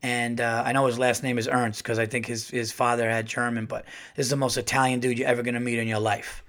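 A middle-aged man telling a casual, animated story as a comedian hosting his podcast. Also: fast talker. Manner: animated, acts out quotes in a louder higher voice.

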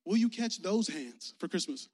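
A youth pastor with a high-pitched man's voice preaches candidly to his congregation. His talk is personal and emotional, and he often speaks straight to the crowd. It rings with the long reverb of a church hall. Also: animated, moderate pace, a little mellow. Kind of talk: personal, conversational sermon.

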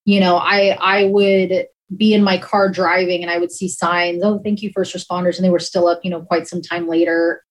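A woman's voice: fairly low pitch, monotone, normal speed, hardly any pauses, rough recording. A woman who works as an emergency dispatcher, candidly and emotionally telling her story in an interview, with many "like" fillers.

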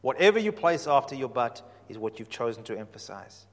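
Animated male preacher in a reverberant hall. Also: mid-range voice, a little fast. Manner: animated, swings from quiet to emphatic. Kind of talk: sermon.

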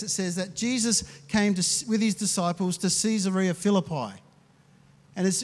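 Man, pastor, high voice, conversational sermon, long hall reverb. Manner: conversational, with restarts and acted quotes.

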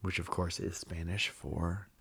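A man's voice: low voice, level tone, measured pace, gravelly, sharp tone, slightly rough. A man co-hosting a podcast in casual chat, dry and teasing in his humor. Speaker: podcast co-host.

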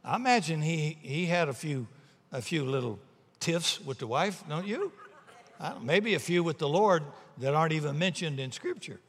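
Give me a man preaching a sermon, swinging from loud to hushed, with a fairly high voice. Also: animated, moderate pace, long reverb tail. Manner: storytelling, shifting from loud to hushed. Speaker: pastor.

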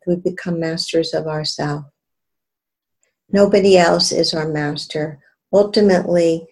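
In a video interview, a woman meditation teacher with a fairly low, creaky voice gives calm, measured guided instruction and softly chants mantras.

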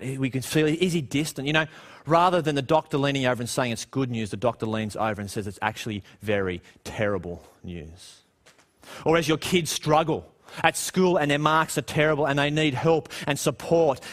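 A man preaching a sermon in a church in a conversational way, posing rhetorical questions and dropping low and quiet on the darker points.

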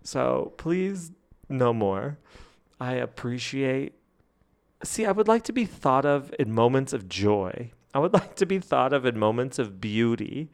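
A man hosting a fan podcast, telling stories and chatting in a gossipy, animated way that breaks into laughs. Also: medium pitch, unhurried. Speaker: podcast host. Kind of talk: casual chat.

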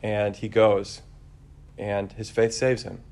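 A man preaching a conversational homily, relaxed and searching, with frequent fillers and restarts. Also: fairly low pitch, takes it slowly, gravelly.

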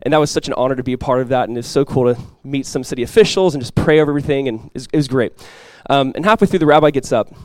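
With a mid-range voice and no echo around him, this pastor tells a personal story during his sermon, keeping it conversational and lightly funny. He also prays in a soft, earnest way.

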